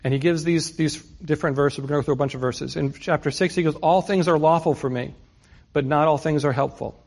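Man preaching a relaxed, chatty sermon. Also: a little high, fast talker, vocal fry. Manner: conversational, asks the audience rhetorical questions. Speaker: pastor.

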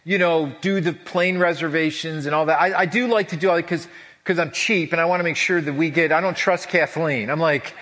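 A male pastor gives a casual, conversational sermon, chatty and full of restarts and acted-out asides. His voice is fairly high, fairly quick and a bit bright, with long hall reverb.

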